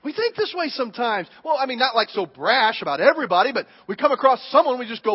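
High-voiced pastor preaching in a reverberant hall. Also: male voice, fast talker, few pauses, breathy edge. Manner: animated, acts out quoted voices of churchgoers. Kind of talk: sermon. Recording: muffled hall with long reverb.

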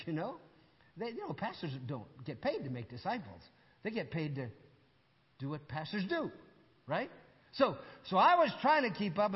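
An older man preaching a sermon as a lively story, acting out conversations and speaking asides to his congregation. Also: sits high. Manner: animated, acts out dialogue, asides to audience. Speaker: pastor. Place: church hall with audience. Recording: dull sound in long reverb hall.

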